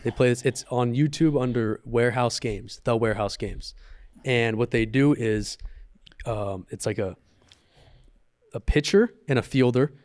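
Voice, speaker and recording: A young man co-hosts a podcast and tells a story in easy, casual chat. He talks loosely, with a steady middle pitch, and keeps tossing in "bro" as he goes. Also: unhurried. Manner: storytelling, trailing "bro" and "dude". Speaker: podcast co-host.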